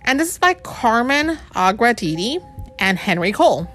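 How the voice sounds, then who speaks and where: Animated mom reading a storybook aloud. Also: female voice, on the high side, moderate pace, faint music behind. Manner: chatty, animated, asks the child questions. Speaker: parent reading to her child.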